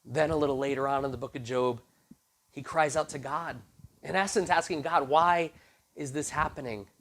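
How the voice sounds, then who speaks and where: Fairly high-pitched and moderately paced, this man is a youth pastor preaching to a youth group. He retells a Bible story informally, animatedly playing out the characters' dialogue in casual slang.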